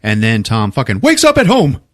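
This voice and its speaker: A man's voice: mid-range voice, huge pitch swings, moderate pace, dry recording, studio quality. A man casually recapping a film on a podcast, acting out the characters' lines, laughing often and swearing freely. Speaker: podcast host.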